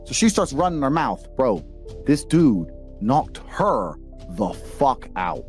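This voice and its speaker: Speaking slowly in a mid-range voice, a British man guests on a podcast and brags his way through crude, animated stories. Faint music can be heard in the background.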